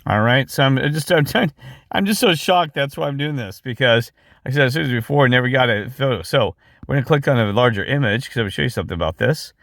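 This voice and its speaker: A man hosting a video, talking through his screen as he clicks around, rambling and breaking into excited exclamations. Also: medium pitch, fast talker, gravelly, no room sound, studio quality. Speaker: video host. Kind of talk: excited screen-share commentary.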